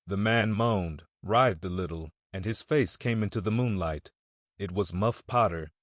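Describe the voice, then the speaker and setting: A man narrating a classic novel in a measured, storytelling reading. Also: low-pitched, dry recording, studio quality. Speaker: audiobook narrator. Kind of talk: scripted narration.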